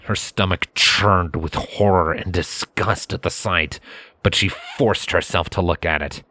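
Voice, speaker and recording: A man reading a fanfiction story aloud in steady, measured narration. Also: deep voice, dry recording. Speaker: fanfiction reader.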